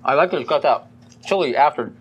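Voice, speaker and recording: A man's voice: on the high side, expressive, fast, muffled recording, slight background noise. A man co-hosting a podcast, laid-back and chuckling as he tastes snacks and trades wry asides. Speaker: podcast co-host. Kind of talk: casual chat, food tasting.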